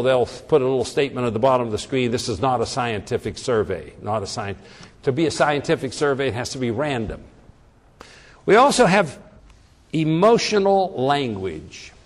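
A man giving a classroom lecture, illustrating his points by acting out example phrases with changing emphasis. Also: on the high side. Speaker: teacher. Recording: long hall reverb.

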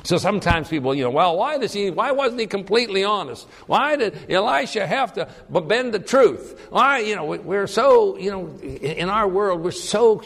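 A man preaching a sermon in an animated way. He swings between loud, high emphasis and low, quiet tones, and he often repeats and restarts words as he thinks aloud. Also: moderate pace, gravelly, few pauses. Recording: long hall reverb.

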